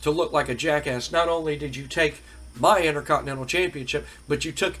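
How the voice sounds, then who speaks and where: A man's voice: a little high, a little fast, fairly bright tone. A man playing an indignant male wrestler who demands a rematch. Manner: indignant, challenging.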